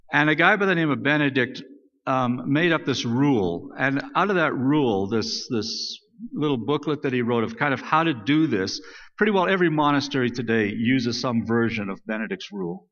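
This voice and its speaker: A man's voice: medium pitch, a bit bright. A man preaching a sermon as pastor, speaking conversationally and reading scripture aloud, often restarting his phrases. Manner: conversational, self-correcting, reads scripture aloud. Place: church sanctuary. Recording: dull sound with long church reverb.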